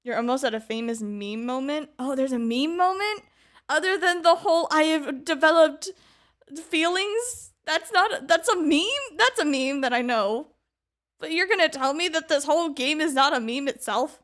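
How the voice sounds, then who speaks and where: High-voiced chatty woman streamer. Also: animated, moderate pace, fairly bright tone. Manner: chatty, laughing, thinks aloud. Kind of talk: gaming commentary.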